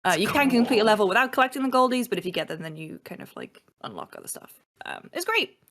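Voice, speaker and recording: Lively woman guest, swearing freely. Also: a little high, quick pace. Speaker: podcast guest. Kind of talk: casual podcast chat.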